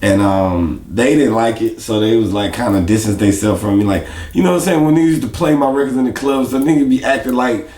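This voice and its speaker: Animated storytelling rapper, man. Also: medium pitch, fairly quick, few pauses, roomy sound. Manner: animated, laughing storyteller who acts out other people's lines. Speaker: rapper and interview guest. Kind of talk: casual storytelling interview.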